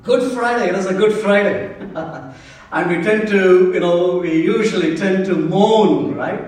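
A man preaching a Good Friday sermon, emphatic and repetitive, dropping to a hush for key lines. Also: high voice, a little slow. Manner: emphatic, repeats key phrases, drops to hushed tones. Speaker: pastor. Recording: roomy church sound from a distance.

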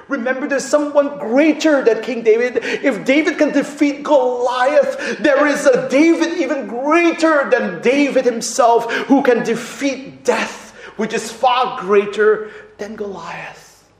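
High-voiced pastor preaching in an echoey hall. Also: male voice. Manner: animated, big swings from loud to hushed. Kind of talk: sermon with storytelling.

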